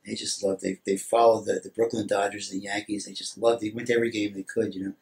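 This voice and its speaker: An older man telling a long joke on stage, halting often with uhs and restarts. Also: lowish voice, flat delivery, creaky, a little mellow, low-quality recording. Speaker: amateur comedian. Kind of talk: telling jokes.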